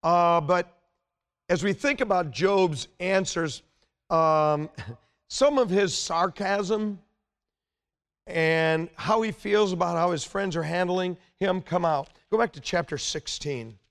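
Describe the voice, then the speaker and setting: A middle-aged male preacher with a somewhat high voice delivers a Bible sermon. He talks conversationally but with emphasis, pushing his voice up as he presses a point. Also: slow pace. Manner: conversational, emphatic, rises in pitch when stirred.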